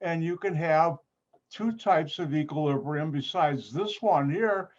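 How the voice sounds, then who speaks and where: A man teaching an online chemistry lab, unhurried and breaking his sentences up with pauses. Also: on the high side. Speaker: chemistry instructor. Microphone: computer mic on a video call. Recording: dull, muffled video-call audio.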